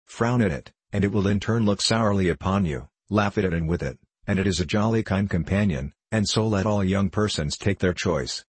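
A man narrating a classic novel as an audiobook in a measured, even reading. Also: low voice, husky, no room sound.

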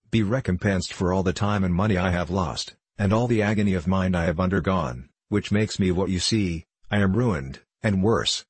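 A man's voice: low voice, husky, no echo. A man reading as a frail, despairing old grandfather.

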